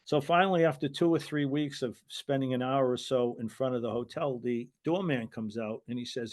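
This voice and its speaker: A man's voice: medium pitch, normal speed, few pauses, a little mellow. An older American man, a former wrestling referee, telling long stories in an interview, rambling with restarts and acting out quoted voices. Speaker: guest, retired wrestling referee. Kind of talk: anecdotal interview storytelling.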